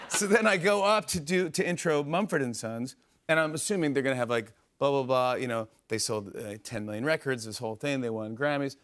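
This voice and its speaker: A man's voice: medium pitch, fairly quick, fairly bright tone. A middle-aged man hosting a talk show, telling a rambling story with lots of fillers and laughs. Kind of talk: casual storytelling monologue. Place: TV studio stage.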